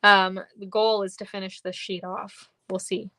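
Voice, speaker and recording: A woman's voice: medium pitch, flat delivery, moderate pace, sharp tone, dry recording. Upbeat, chatty woman teaching a card craft. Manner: chatty, upbeat, thanks viewers by name. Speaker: papercraft demonstrator. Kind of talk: live-stream craft tutorial.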